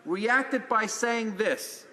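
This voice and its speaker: Bright, high-voiced man debating in a chamber. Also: drawn-out words. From Newfoundland and Labrador, Canada. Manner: emphatic, rhetorical questions, repeats phrases for stress. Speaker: member of parliament. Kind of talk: parliamentary debate speech. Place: large legislative chamber. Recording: reverberant chamber sound.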